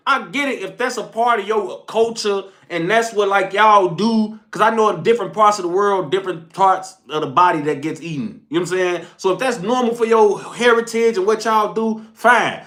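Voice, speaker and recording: A man's voice: high voice, pushed and bright. A man streaming a casual, profane rant, rambling in slang and calling his listeners "folk" and "bro". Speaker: streamer hosting a morning smoke session.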